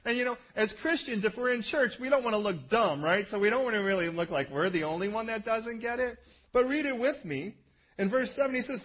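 A man preaching a relaxed, conversational sermon, his voice pitched high for a man and somewhat husky. He tells the story in a chatty way and keeps asking his listeners rhetorical questions. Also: brisk.

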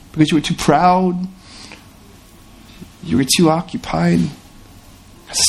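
A man's voice: on the high side, a little slow, vocal fry, long pauses, slight background noise. A male pastor preaching a sermon, slipping into the voices of the people in the story he tells. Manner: expressive preaching, acts out the voices of biblical figures.

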